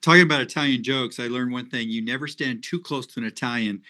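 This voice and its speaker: A man speaks as a guest on a company webinar, his voice bright and forceful. He is moved by the moment and tells a light joke. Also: mid-range voice, fast talker. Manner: joking and emotional. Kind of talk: casual chat.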